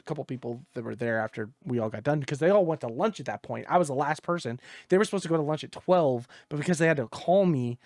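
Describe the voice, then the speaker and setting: A man co-hosting a gaming podcast, telling a story in casual chat, exasperated and profane, dropping low when he quotes others. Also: dry recording, studio quality.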